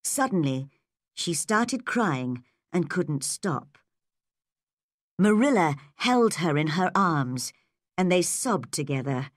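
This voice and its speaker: A woman narrating a graded storybook for English learners in a slow, clear, measured way. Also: lowish voice, very animated, dry recording, studio quality.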